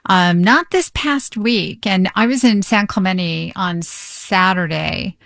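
A woman's voice: medium pitch, slow pace, creaky, a bit bright, no room sound. A woman chatting casually as a talk-show regular, emphatic and chatty.

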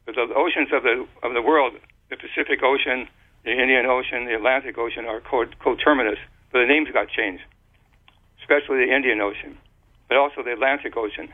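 A man of average pitch talks on and on in a loose, explanatory way, tripping over words and circling back to restart them. His voice comes through a narrow, tinny phone line. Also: steady tone. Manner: rambling, halting with many restarts and fillers. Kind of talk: casual explanatory talk.

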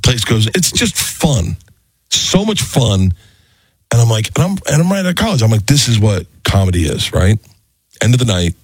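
A man's voice: on the low side, husky, no room sound. A male comedian animatedly telling a story on a podcast, jumping into voices mid-story, on a close mic. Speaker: comedian guest.

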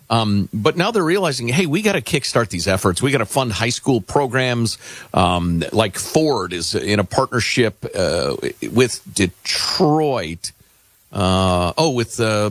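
Husky, lively middle-aged radio host. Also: male voice, on the low side, no room sound. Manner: dry, sarcastic, hesitant with fillers. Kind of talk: casual radio chat.

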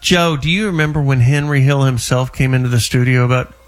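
A man's voice: medium pitch, fairly quick, soft background music. A male radio host taking calls and joking with guests on a call-in show.

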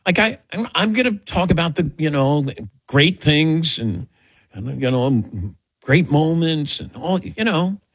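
A man's voice: fairly high pitch, expressive, measured pace, a bit bright, husky, dry recording, clean studio sound. A middle-aged man answering audience questions in a casual, rambling, self-mocking way, telling little stories.

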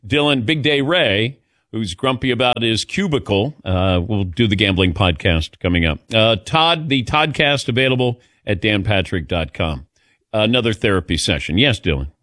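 Male talk-radio host, animated delivery, close dry studio mic. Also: on the low side, normal speed, no room sound. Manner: lively, laughs often, reads ad copy. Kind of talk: casual studio banter.

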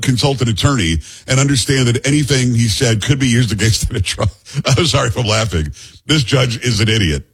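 A man's voice: medium pitch, slightly rough. A man hosting a talk show, giving blunt, heated commentary on the news and sometimes stumbling over names. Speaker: host.

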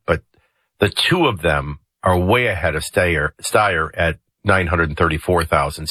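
A male talk radio host with a low, bright, forceful voice and a slightly husky edge. He gives political commentary in a jokey, conversational way and often restarts his sentences. The studio sound is close and dry. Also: no echo.

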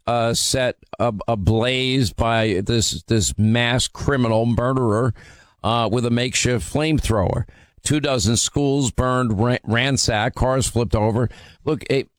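A man's voice: medium pitch, dry recording. Emphatic male radio talk host. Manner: forceful, emphatic opinion talk with frequent fillers. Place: radio studio.

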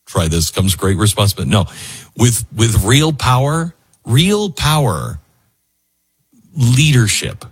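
A radio show host with a lowish, husky voice delivers an emotional talk radio monologue, earnest and heartfelt as he wanders from point to point.

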